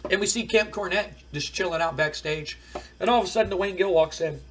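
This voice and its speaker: A man's voice: high voice, brisk, a bit bright, far from the mic, slight background noise. A man recapping a wrestling management game in a rambling, casual way, full of fillers. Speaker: gaming video host. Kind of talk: let's play recap of a wrestling sim.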